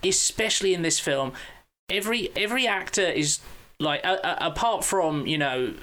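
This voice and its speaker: A man on a casual film podcast who talks haltingly, often searching for words. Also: high voice, expressive, pushed and bright. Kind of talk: casual film review chat. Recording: faint hiss.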